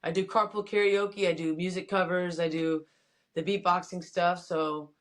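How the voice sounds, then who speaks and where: A woman's voice: on the low side, little pitch movement, normal speed. A woman boxer from Miami, chatting casually as an interview guest, easygoing and joking. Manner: joking, easygoing, self-promoting.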